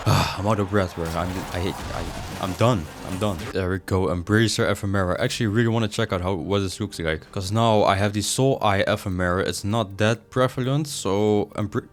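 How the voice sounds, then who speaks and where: A young man giving casual, slangy commentary over his gameplay, jumping from excited outbursts to low mumbles. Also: fairly quick, hardly any pauses. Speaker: gaming streamer.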